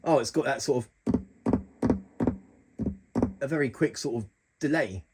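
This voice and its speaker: A man's voice: mid-range voice, fast talker, darkish tone, husky. A man hosting a keyboard tutorial, talking casually through the settings with plenty of fillers and restarts. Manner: chatty, hesitant with fillers and restarts.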